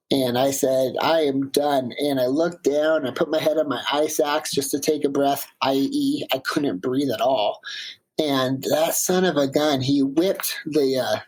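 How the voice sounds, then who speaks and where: A man in his thirties tells a climbing story with animated emphasis. His voice is husky, at an ordinary middle pitch. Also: rough recording. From Washington State, USA. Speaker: guest, climber. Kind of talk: casual storytelling interview.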